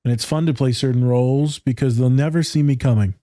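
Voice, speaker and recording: Guy on a podcast telling stories, swears a bunch, darker mellow voice, dry close mic. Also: mid-range voice, fast, no echo. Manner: animated storyteller, swears casually. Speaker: podcast co-host, therapist. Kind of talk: casual chat.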